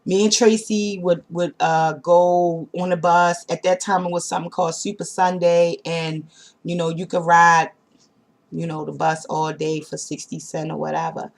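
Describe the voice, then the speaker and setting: A woman casually telling a personal story to her viewers, animated and slangy, talking straight to the camera. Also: fairly low pitch, normal speed. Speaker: vlogger.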